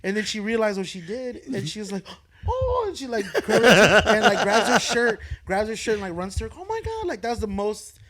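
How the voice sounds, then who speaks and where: A man telling a crude story on a podcast, loud and full of laughter, acting out the people in it. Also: high-pitched, steady tone, brisk, few pauses, a loud crowd. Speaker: comedian guest.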